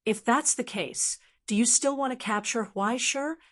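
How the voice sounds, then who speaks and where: A woman's voice: on the high side, a little slow, a bit bright, voice pushed up. A woman voicing a suspicious male warrior in bull-head armor, speaking muffled and wary.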